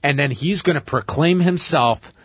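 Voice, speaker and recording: Husky Canadian man recapping, dry mic. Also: on the high side, moderate pace, no room sound. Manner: animated storyteller who laughs while recapping. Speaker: podcast host. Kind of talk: casual recap chat.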